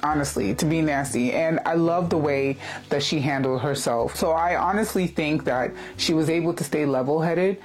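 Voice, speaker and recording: Low-voiced woman giving casual commentary. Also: normal speed, few pauses, a little mellow. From lives in the UK, not British-born. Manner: reflective, many "like" fillers. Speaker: commentator reacting to a video.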